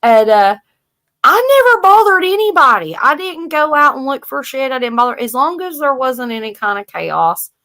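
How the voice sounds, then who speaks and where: Southern woman, animated storyteller, salty casual chatter on a live stream. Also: high-pitched, normal speed, few pauses. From American South. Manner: animated storyteller, swears freely. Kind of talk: casual chat.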